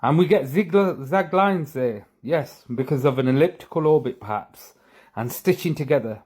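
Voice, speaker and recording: A man's voice: on the high side, animated, normal speed, a little mellow, husky. Sarcastic man narrating a screen share. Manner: sarcastic, mocking. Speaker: video host.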